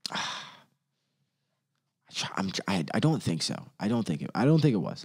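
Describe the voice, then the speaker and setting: A man ranting casually on his own, rambling and profane, laughing often and quickly mimicking others. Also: low-pitched, sing-song, darkish tone, husky. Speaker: solo commentator.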